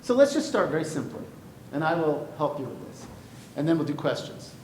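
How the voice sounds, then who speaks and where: Animated man lecturing in an echoey room. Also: brisk. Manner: animated, playful, self-interrupting. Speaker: poetry teacher. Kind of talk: classroom lecture. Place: classroom. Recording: echoey classroom with faint rumble.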